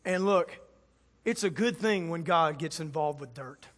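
High, bright-voiced male pastor preaching. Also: expressive, a little slow. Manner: playful, jokey preaching with voiced quotes. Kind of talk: lively sermon.

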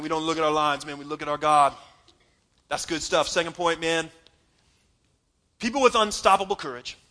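A man preaching a sermon with a high voice. He sounds bright and forceful, talking to the congregation in a casual, emphatic way. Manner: emphatic, conversational, laughs while preaching. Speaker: pastor.

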